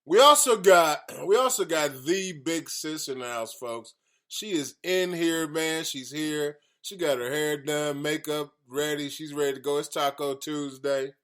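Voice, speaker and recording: A man's voice: fairly high pitch, measured pace. A man hosting a casual radio talk show, boisterous and joking, repeating his phrases as he introduces guests.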